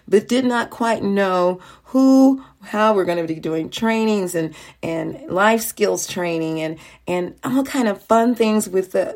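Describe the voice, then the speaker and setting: A woman's voice: mid-range voice, a little mellow. A woman giving an earnest testimony at church, retelling people's stories with heartfelt urgency. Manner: earnest storytelling, acting out quoted people. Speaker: church speaker. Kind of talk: testimony sermon.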